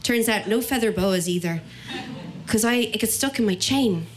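A young woman with an Irish accent tells a funny personal story to an audience, self-mocking and lively, acting out the voices of the people in it. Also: mid-range voice, moderate pace, a little hiss or hum.

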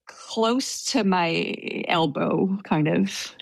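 Low-voiced woman telling a story. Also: drawn-out words, vocal fry, no echo. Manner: hesitant, self-deprecating, laughs while telling. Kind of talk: casual storytelling.

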